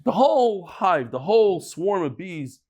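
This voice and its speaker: Animated man teaching Talmud. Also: high-pitched, a little slow. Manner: animated storytelling, mixing English with Hebrew and Yiddish terms. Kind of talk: lively Talmud class lecture.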